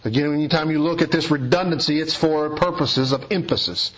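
A man's voice: on the high side, fairly quick, muffled recording. A man preaching an expository sermon, emphatic and repeating key phrases for weight.

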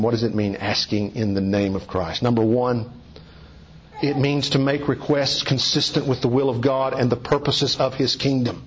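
A man's voice: steady tone, normal speed. Earnest preacher man, lo-fi sound. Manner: earnest, exhorting, swings between low and high emphatic delivery. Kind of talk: sermon. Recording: dull lo-fi recording.

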